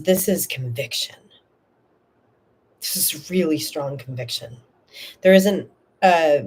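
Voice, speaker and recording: A woman with an extremely low, darkish voice hosts a live tarot reading stream with no moderator, a slight hiss or hum in the audio. She speaks earnestly and spiritually, addressing viewers by name, using fillers and restarts and sometimes growing emotional.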